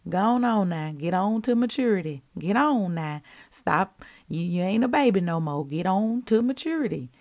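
A woman putting on a Southern accent to play a sassy Southern woman, urging listeners along in brisk, scolding repeats. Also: mid-range voice, lively intonation, darkish tone.

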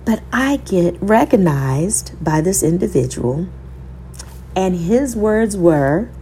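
A woman's voice: lowish voice, animated, slow pace, warm tone, slight background noise. A woman podcast host telling an emotional, faith-filled personal story, talking to listeners as y'all and quoting scripture in a sermon cadence.

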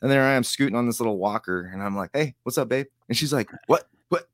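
A man's voice: mid-range voice, animated, fast, no echo, clean studio sound. A man speaking as an interview guest, rambling and acting out other people's lines with laughs. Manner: rambling, acts out quoted voices with laughs. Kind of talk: casual storytelling interview.

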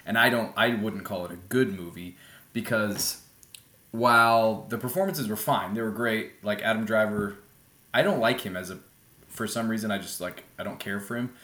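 A man chatting as a podcast guest about films, ranting in an animated, opinionated way into a laptop mic. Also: on the low side, normal speed, echoey room. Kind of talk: casual film chat. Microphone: laptop built-in mic.

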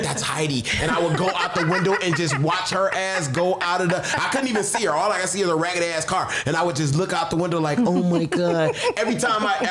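Profane, laughing woman over loud crowd noise. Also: low-pitched, echoey room. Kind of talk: casual chat.

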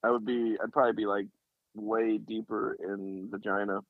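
A man's voice: on the low side, level tone, normal speed, no room sound, phone-quality sound. A man co-hosting a casual podcast with wry, crude humor. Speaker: podcast co-host.

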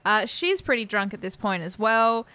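A woman casually recapping a movie with a co-host, sarcastic and quick with quips. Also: mid-range voice, animated, bright, forceful tone, smooth, no room sound. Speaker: podcast co-host.

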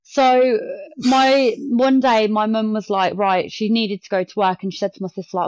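A woman tells a hard story as a podcast guest, in a casual, animated way, slipping into other people's voices for quotes. Her voice is mid-pitched, and the recording sounds dull and lo-fi. The room is dry, with no echo. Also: a little fast. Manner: animated retelling with acted-out quotes.

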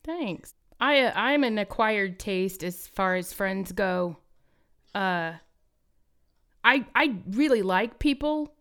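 A woman speaking in a dry, measured way in a casual group chat. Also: medium pitch, animated, a bit bright, smooth.

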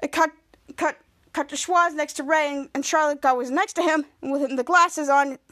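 Woman podcast host, rambling recap, very high voice, lots of fillers. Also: fairly even intonation, normal speed, a bit bright. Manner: rambling, filler-heavy retelling. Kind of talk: episode recap.

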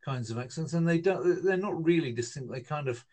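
A man in his fifties from northern England, speaking, telling a long personal story in a relaxed interview, with lots of fillers and restarts. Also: a little high, brisk. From Newcastle, northern England. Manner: rambling, hesitant, with many fillers and restarts. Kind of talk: casual storytelling conversation.

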